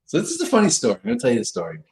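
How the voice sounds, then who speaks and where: Animated middle-aged man telling a story. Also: rapid-fire, gravelly. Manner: animated, acts out quoted dialogue with big pitch jumps. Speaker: pro trader on a live show. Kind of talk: casual storytelling on a live stream.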